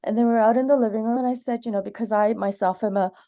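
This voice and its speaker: A woman's voice: a little high, steady tone, fast talker, dark tone. A woman in her forties, who grew up in Canada, gives earnest, candid personal testimony during public comment. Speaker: community member giving public comment.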